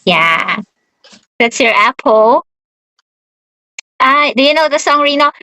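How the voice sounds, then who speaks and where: A young woman teaches a beginner English lesson, speaking slowly and patiently and repeating each word. Her voice is high and bright. The sound is dry and close. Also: animated, no room sound, low-quality recording. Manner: slow, patient, repeats words, laughs often.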